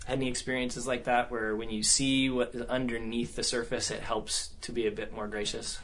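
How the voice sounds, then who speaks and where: A man's voice: mid-range voice, fairly even intonation, brisk, hardly any pauses, fairly bright tone, a little hiss or hum. A man speaking at a counseling seminar, talking conversationally and often checking in with the room. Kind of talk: seminar talk with audience discussion.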